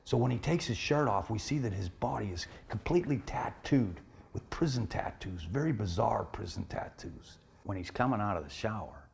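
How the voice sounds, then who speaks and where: A man's voice: on the low side, expressive, normal speed, creaky, few pauses, a little mellow, breathy edge. A man retelling a film plot in a casual, plain way, with frequent "he says" and "she says" tags. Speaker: storyteller pitching a film plot. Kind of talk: casual spoken film pitch.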